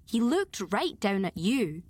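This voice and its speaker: A woman voicing a lively, giggly young girl who chatters eagerly to her friend. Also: medium pitch, takes it slowly, no room sound. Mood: teasing.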